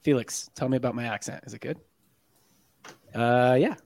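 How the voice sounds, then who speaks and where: A man's voice: medium pitch, moderate pace, gravelly, a little mellow, slight background noise. A man hosting a casual sports podcast, joking, laughing and reading the live chat aloud. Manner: jokey, laughs often, reads chat comments aloud. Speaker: podcast host.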